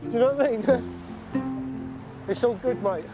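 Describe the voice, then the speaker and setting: A man with a very high voice chats casually at normal speed while out and about, loud music playing behind him. He's a psychiatric inpatient on leave, chatty and laughing, constantly tacking on "you know what I mean."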